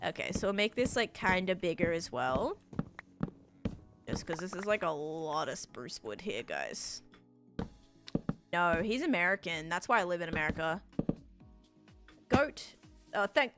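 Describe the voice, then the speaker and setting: A woman's voice: fairly low pitch, sing-song, measured pace, long pauses, music in the background. A young Australian woman chatting casually on a game stream, reading out chat and thanking supporters.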